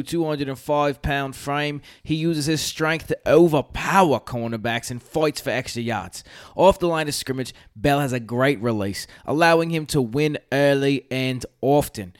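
A man's voice: medium pitch, normal speed, hardly any pauses, lightly acted. Man putting on a fake Australian accent. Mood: reading. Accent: put-on Australian. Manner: reads scripted notes, stumbles and restarts. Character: man reading draft analysis in a put-on Australian accent.

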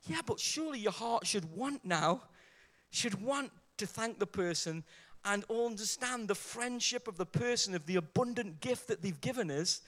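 Guy preaching a sermon, kinda high voice, gets fired up and keeps asking the crowd questions. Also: expressive, normal speed, a bit bright. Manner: emphatic, rising to fervent exclamations and rhetorical questions.

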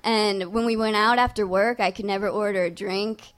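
A woman's voice: medium pitch, steady tone, moderate pace. A young adult woman telling a personal story live on stage, in a casual, profane, self-mocking way. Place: on stage before a live audience.

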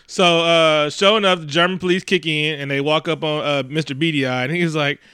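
A man co-hosting a podcast who recaps a movie as comedy, with profane storytelling and quick slips into character voices. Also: fairly high pitch, steady tone, bright, forceful tone, clear, resonant tone, no room sound, studio quality. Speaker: podcast co-host.

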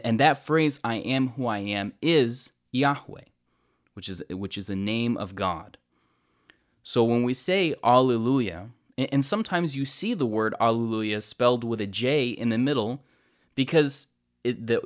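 Man, mid-pitch, earnest church teacher explaining a hymn, slows down on key words. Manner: earnest, with many restarts and slow stresses on key words.

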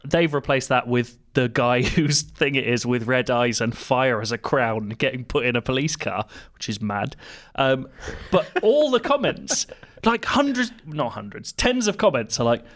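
A man's voice: mid-range voice, a little slow. Laughing man chatting. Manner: laughing, animated storytelling. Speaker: podcast co-host. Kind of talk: casual chat.

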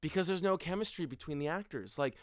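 A young man co-hosts a podcast in casual, profane chat, often quoting characters in mocking voices. His voice sits on the high side and comes out expressive and fast.

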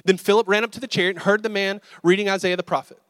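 A man preaching a sermon, telling stories in a casual, animated, conversational way. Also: sits high, racing, no room sound, studio quality. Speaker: pastor.

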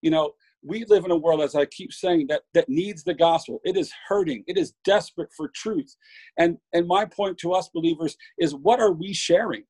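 A man's voice: on the high side, normal speed, darkish tone, no room sound, low-quality recording. A man giving an informal sermon, earnest and emphatic, often restarting words and building up to lists of points. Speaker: preacher.

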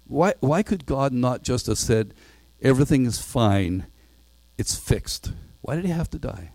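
A man's voice: lowish voice, dark tone, dry recording. A man preaching a sermon in an earnest way, at times reading a passage from a storybook aloud.

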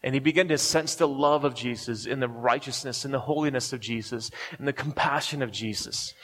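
A man's voice: medium pitch, a little fast, fairly bright tone. A man in his forties preaching a sermon, telling his own story with many restarts and fillers. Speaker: pastor. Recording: long reverb of a large hall.

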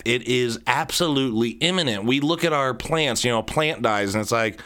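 A man's voice: medium pitch, normal speed, few pauses, a bit bright. A man in his thirties hosting a solo podcast, talking candidly and rambling, tripping over repeated words. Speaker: podcast host.

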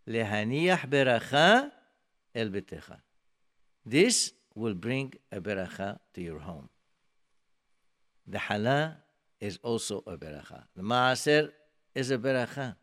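A man teaching a religious class in short, measured phrases, quoting Hebrew verses and then explaining them in English. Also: medium pitch. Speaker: Torah teacher. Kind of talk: religious class retelling a scripture story.

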